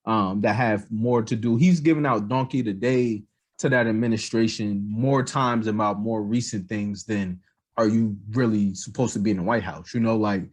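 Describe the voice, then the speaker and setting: A man's voice: fairly low pitch, steady tone, normal speed. A man co-hosting a podcast, talking casually and rambling, with lots of fillers. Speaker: podcast co-host. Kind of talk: casual political chat.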